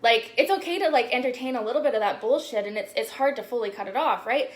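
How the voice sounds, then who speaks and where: A woman's voice: a little high, lively intonation, fast talker. A young woman spiritual coach talking casually on a live stream, chatty and full of "like"s and swearing. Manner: chatty, swears often, many "like"s.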